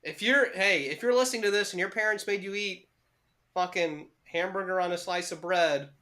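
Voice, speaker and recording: A man's voice: high voice, moderate pace, pushed and bright. A young man co-hosting a podcast in casual, profane, joking chat. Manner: joking, profane, laughs often. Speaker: podcast co-host.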